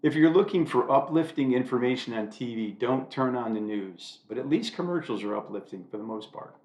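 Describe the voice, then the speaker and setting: A man's voice: medium pitch, expressive, brisk, darkish tone. An older man from the United States giving a wry, self-deprecating monologue to camera from a room at home. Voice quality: dry, self-deprecating humor. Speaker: vlogger. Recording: echoey room.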